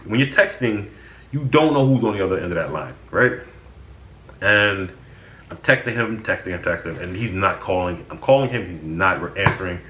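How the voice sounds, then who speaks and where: Lively low-voiced man telling stories in an echoey room. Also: moderate pace, slight background noise. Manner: animated, exasperated, swears freely. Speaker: vlogger telling stories about his friends. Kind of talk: casual storytelling.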